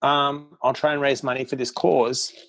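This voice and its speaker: A man's voice: mid-range voice, little pitch movement, moderate pace, a bit bright. A middle-aged man, a podcast guest, tells a personal story candidly and bluntly, acting out quotes as he goes. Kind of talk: casual storytelling interview.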